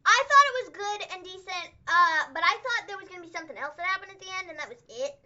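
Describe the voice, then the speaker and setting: A woman co-hosting a casual livestream recap, chatty and excitable, peppering her talk with "like". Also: very high voice, quick pace, highs cut off. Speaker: co-host.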